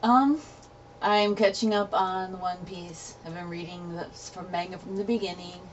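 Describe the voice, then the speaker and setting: A woman guest on a casual podcast, answering in a relaxed, hesitant way. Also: lowish voice, moderate pace, far from the mic, lo-fi sound, a little hiss or hum. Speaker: guest, model and cosplayer. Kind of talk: casual interview chat.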